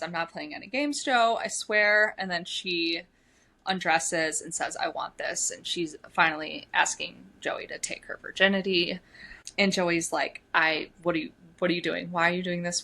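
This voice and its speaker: Bright-voiced woman reading and discussing a book. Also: lowish voice, poor audio. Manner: animated, reads book passages aloud between commentary. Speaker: podcast co-host. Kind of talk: casual book discussion with read-aloud passages.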